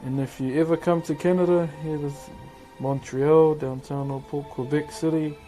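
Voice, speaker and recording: A man with a New Zealand accent, a streamer casually chatting with viewers while woodcarving, laid-back and quick to laugh. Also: a little high, steady tone, dark tone, soft background music. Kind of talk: casual livestream chat answering viewers.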